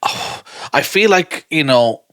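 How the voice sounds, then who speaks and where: A man co-hosting a podcast, chatting casually and teasingly, at times jumping into high silly voices. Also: lively intonation, slow pace, a bit bright, dry recording, clean studio sound. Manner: jokey, teasing, breaks into squeaky high impressions. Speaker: podcast co-host. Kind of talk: casual chat.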